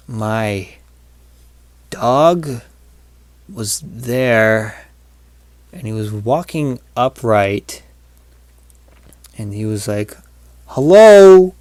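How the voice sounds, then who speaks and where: A man's voice: fairly low pitch, very slow, pauses often, no room sound. A man hosting casual gameplay commentary who rambles through a story, with many fillers and restarts. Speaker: channel host.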